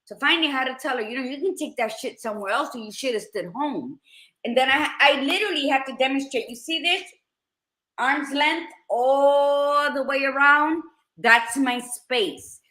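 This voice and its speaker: A woman's voice: high voice, pushed and bright. A woman co-hosting a podcast, talking bluntly and animatedly and swearing freely. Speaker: podcast co-host. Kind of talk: candid podcast chat.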